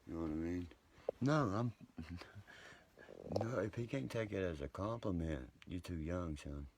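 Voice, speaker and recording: Very deep gravelly man, profane. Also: fairly quick, darkish tone, slight background noise. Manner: profane, boastful, rambling and heated. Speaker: livestreamer talking to viewers. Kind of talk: rambling late-night live chat. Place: indoors at home, late at night.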